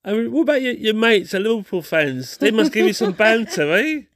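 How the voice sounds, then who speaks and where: A man's voice: high voice, animated, brisk, fairly bright tone, no echo, studio quality. A man from England, co-hosting a casual chat on a video call, asking teasing questions. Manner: chatty, teasing. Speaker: co-host.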